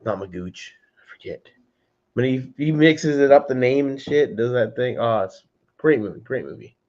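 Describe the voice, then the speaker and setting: A man's voice: medium pitch, moderate pace. Laid-back man chatting with stream viewers. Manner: loose and chatty, addresses chat by name, says "dude". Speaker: livestream host. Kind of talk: casual livestream chat with viewers. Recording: slightly dull lo-fi stream audio.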